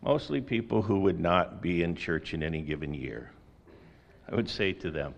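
A man's voice: sits low, animated, moderate pace, gravelly, muffled recording. A middle-aged man preaching a sermon in a conversational way, with folksy asides and rhetorical questions. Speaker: pastor.

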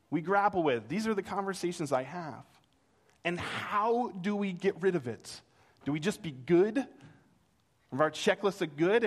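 A middle-aged man preaching a sermon, telling a childhood story with animated delivery and acting out the voices in it. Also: sits high. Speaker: pastor.

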